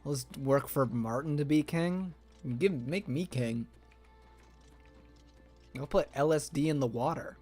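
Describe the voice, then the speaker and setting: An excitable man talks to his chat while streaming a game, with a voice that sits a bit high for a man. He swears freely and jumps into sudden loud outbursts. Faint music plays underneath. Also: measured pace, pauses often, slightly rough. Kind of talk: live gameplay stream chat.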